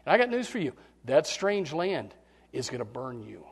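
A male pastor preaching a sermon, dropping to quiet pleading and rising to loud shouts, often repeating words as he goes. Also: medium pitch, very animated, normal speed, gravelly, husky.

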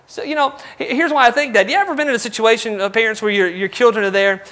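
A man's voice: very high voice, fast talker, sharp tone. A man preaching a folksy, conversational sermon full of rhetorical questions.

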